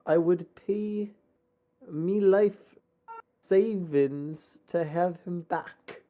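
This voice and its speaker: Lady doing a worried parent reading a clumsy letter out loud, slow and halting. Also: fairly low pitch, pitched above the performer's own voice. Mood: pleading. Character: worried parent writing a badly spelled letter.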